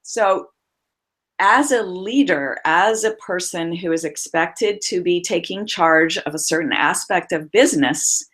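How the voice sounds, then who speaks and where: A woman's voice: fairly low pitch, a little slow, fairly bright tone. A woman voice coach, a guest on a remote call, telling client stories expressively with frequent laughs.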